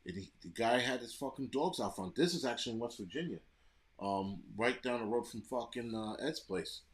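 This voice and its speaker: Brief: American man, mid-pitch, profane live-stream host, blunt ranting. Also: animated, moderate pace. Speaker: livestream host reading chat. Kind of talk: profane casual live chat.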